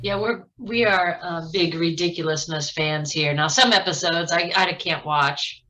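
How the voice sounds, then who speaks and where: A woman's voice: on the low side, a little slow, bright, forceful tone, slight background noise. A woman from the American Midwest co-hosting a casual podcast, chatty and amused, laughing often as she talks. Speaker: podcast co-host. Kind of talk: casual chat.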